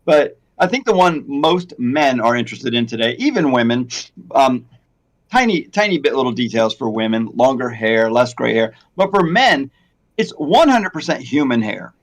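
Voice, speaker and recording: A man's voice: mid-range voice, very animated, moderate pace. A man and longtime hair replacement stylist in a casual chat, rambling a little and laughing often.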